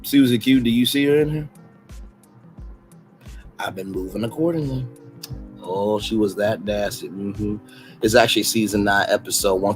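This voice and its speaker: A man's voice: fairly low pitch, normal speed, long pauses, faint music behind, rough recording. Sassy Southern man gossiping on a late livestream. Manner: animated, sassy, reads chat comments aloud. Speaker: livestream host.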